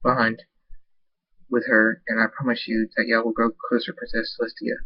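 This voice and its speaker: Man reading homemade fan fiction, flat delivery, stumbling, muffled lo-fi sound. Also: medium pitch, normal speed, husky, no room sound. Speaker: amateur fan-fiction narrator. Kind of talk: reading his own fan story aloud. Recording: dull lo-fi dry recording.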